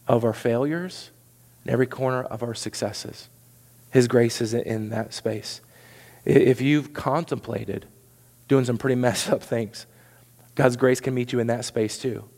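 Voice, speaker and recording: A man's voice: medium pitch, vocal fry, darkish tone. Man, pastor, preaching, earnest, repeats words, echoing church hall. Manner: earnest, repeats words when pressing a point. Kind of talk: sermon. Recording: long hall reverb.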